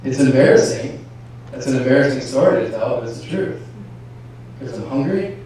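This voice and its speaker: A man preaching, telling a personal story and acting out his inner dialogue, with his voice swinging from hushed to shouting. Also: mid-range voice, lively intonation, moderate pace, slight background noise. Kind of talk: sermon testimony. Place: large church hall. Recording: echoey church hall from far off.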